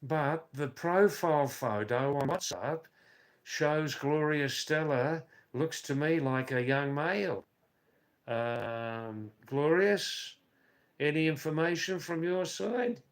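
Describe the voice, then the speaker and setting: Slow, dry-humored man chatting live. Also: a little high. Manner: slow, rambling, dry teasing asides. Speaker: live stream host reading chat. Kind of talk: casual live stream chat. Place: Nepal or India.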